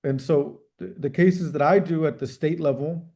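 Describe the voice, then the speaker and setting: A middle-aged man, a trial attorney, answering interview questions in a measured, careful way with frequent restarts. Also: a little high, steady tone, creaky, warm tone. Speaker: civil rights trial attorney.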